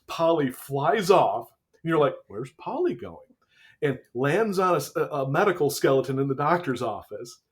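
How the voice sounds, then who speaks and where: A man co-hosting a podcast in casual chat, telling things in an animated way and laughing along. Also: fairly high pitch, moderate pace, hardly any pauses. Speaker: podcast co-host.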